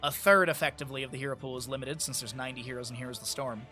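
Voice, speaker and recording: A man's voice: mid-range voice, fairly even intonation, very fast, bright, forceful tone, faint music behind. A young man casually commentating a live esports tournament stream, chatty and rambling with lots of fillers, sounding a bit sleepy.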